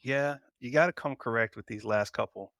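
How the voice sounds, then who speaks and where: A man co-hosting a casual pop culture podcast, relaxed and conversational, bringing up news items. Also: mid-range voice, normal speed, no room sound. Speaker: podcast co-host.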